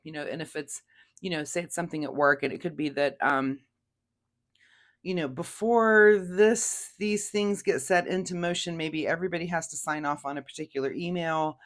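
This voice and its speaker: A woman's voice: deep voice, a little fast. Chatty woman giving a tarot reading. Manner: chatty, laughs often, many fillers and restarts. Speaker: tarot reader.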